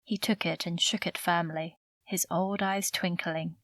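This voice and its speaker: A woman narrating an audiobook novel in a measured, even storytelling voice, close to the mic. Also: lowish voice, no room sound. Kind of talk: scripted narration.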